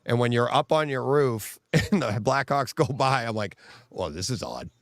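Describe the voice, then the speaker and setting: A man's voice: mid-range voice, expressive, moderate pace, no room sound, clean studio sound. A man co-hosting a podcast in casual chat, telling rambling stories and laughing often mid-sentence. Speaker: podcast co-host.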